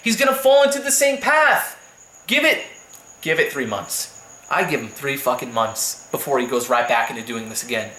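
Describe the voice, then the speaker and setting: Man ranting, swinging pitch, roomy echo. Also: lively intonation, normal speed, bright, forceful tone. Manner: heated, profane, repetitive ranting. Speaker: YouTube commentator. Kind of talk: angry rant vlog.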